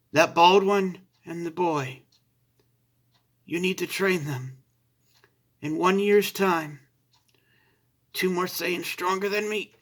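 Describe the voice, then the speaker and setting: A proud alien warrior who talks down to everyone, as a man puts him on for a fan story. The voice sits high and bright, with a slow, drawn-out boastfulness. Condescending and theatrical throughout. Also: husky, heavily acted. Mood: pleading. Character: arrogant male alien warrior, proud elder brother.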